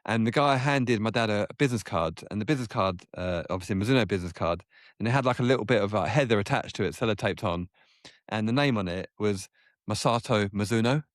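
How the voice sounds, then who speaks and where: A man in his forties chats as a podcast guest, spinning loose golf anecdotes with plenty of false starts. His voice sits fairly low, and the sound is dry and close with little room around it. He breaks into a higher voice when he quotes others. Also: quick pace, no echo. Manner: rambling, self-correcting, acts out quoted people in a raised voice. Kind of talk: casual anecdotal storytelling.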